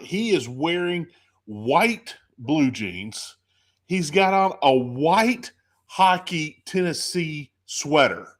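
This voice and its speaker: A man hosting a casual chat, telling a lively story and acting out quotes. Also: a little high. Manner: animated storyteller, acts out quotes. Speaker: podcast host.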